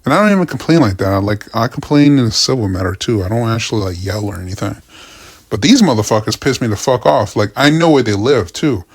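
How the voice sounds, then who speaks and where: A man's voice: lowish voice, lively intonation, fast, breathy edge, no room sound. A young man ranting casually about his week, profane and frustrated, rambling with many restarts. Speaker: vlogger. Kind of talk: casual rant.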